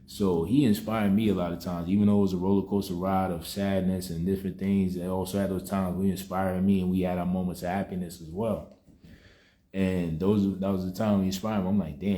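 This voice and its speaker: A man's voice: sits low, flat delivery, brisk, mellow. A young man speaking, telling a personal testimony in a rambling, subdued way full of "you know" fillers. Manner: subdued and reflective. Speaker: vlogger sharing a personal testimony. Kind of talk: casual spoken testimony.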